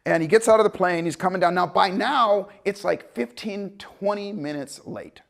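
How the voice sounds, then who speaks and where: A man telling a story as a motivational speaker, animated and conversational. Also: high voice, normal speed, gravelly. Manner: animated, conversational, acts out voices. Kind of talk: storytelling talk to an audience.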